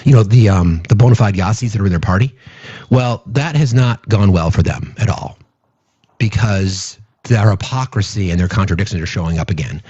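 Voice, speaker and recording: Husky guy ranting about politics, keeps restarting, dull dry lo-fi sound. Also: lowish voice, normal speed, a little mellow, no echo. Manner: indignant, rambling, many restarts. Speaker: political commentator. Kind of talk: casual political commentary.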